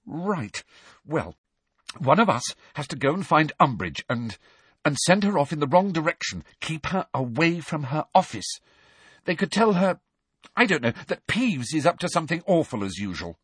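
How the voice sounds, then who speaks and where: A man's voice: on the high side, sing-song, normal speed, a bit bright, breathy edge, dry recording, voice pushed up, exaggerated voice. A man reading aloud, voicing an earnest teenage girl who pleads and argues urgently. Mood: anxious.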